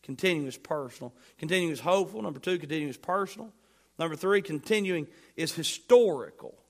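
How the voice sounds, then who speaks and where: A high-voiced man preaches a sermon from the pulpit. He talks with emphasis, swinging from loud bursts to quiet asides. He keeps asking his congregation questions. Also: animated, a little fast. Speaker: pastor.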